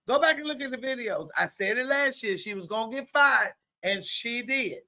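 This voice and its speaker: A woman with a slightly high, expressive voice calls live play-by-play on stream at a moderate pace. She chats in a colloquial manner and exclaims loudly whenever there's a good play.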